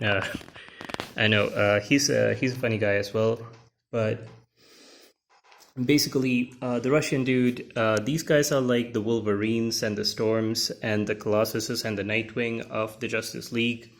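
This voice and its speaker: A man's voice: mid-range voice, steady tone, moderate pace, creaky, a little hiss or hum. A man giving casual, rambling commentary while flipping through comic pages, with many fillers and restarts. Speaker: comic book reviewer.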